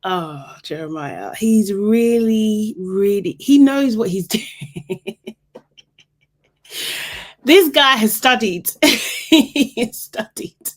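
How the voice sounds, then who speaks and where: A woman's voice: medium pitch, expressive, extremely slow, long pauses. A young woman hosting a casual reality TV recap, sarcastic and exasperated, often laughing as she talks.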